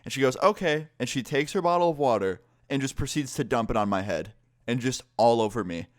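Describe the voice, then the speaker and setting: A man's voice: medium pitch, expressive, fast talker, no echo, clean studio sound. A young man casually telling a personal story, exasperated and swearing often.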